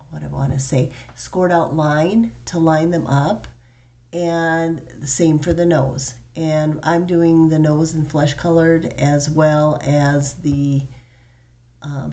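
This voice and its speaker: A woman talking through a painting and gluing craft project step by step as a tutorial voice-over. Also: deep voice. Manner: relaxed, explains each step plainly.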